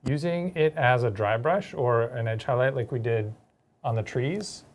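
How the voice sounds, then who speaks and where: A man co-hosting a hobby show, talking casually and haltingly about his painting progress. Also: mid-range voice, a little hiss or hum. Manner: hesitant, lots of ums while describing work. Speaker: co-host painting miniatures.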